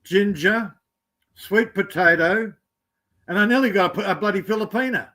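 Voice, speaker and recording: Aussie guy with a high voice, rambling teasing stories on a live chat. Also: normal speed, sharp tone. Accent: Australian. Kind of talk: casual storytelling chat.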